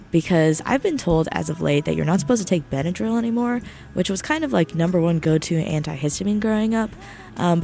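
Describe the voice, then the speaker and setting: A creaky, fairly low female voice belongs to a young radio host from New Jersey, casually spinning a rambling story at her own expense. Faint, soft music sits in the background.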